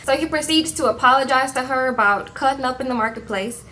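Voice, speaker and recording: A woman's voice: high voice, fast, slight background noise. A woman giving a casual reality TV recap in a chatty, sassy way, often tagging her lines with "okay?". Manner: acts out quotes in lively voices.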